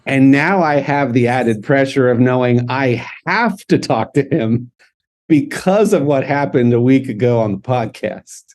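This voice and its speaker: A man's voice: medium pitch, measured pace, darkish tone. A man co-hosting a podcast, telling an anecdote in casual chat, laughing often and acting out the dialogue. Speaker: podcast co-host.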